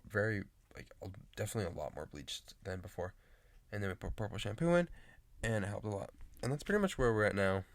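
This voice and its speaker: A man's voice: low-pitched, creaky, no room sound. A man in his late teens chatting casually to camera, rambling with lots of fillers and restarts. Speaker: vlogger.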